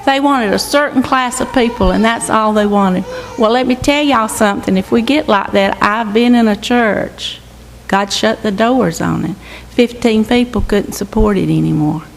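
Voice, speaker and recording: Older woman, gravelly voice, earnest exhorting church testimony, long church-hall reverb. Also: mid-range voice. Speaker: mission team member reporting to her church. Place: church sanctuary. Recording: echoey church hall with faint hiss.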